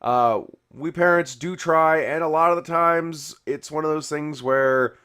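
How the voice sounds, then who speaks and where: A man's voice: a little high, unhurried, fairly bright tone, smooth. Rambling man chatting while building. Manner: rambling, full of "you know" and restarts. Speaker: YouTube game host. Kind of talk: casual commentary while building.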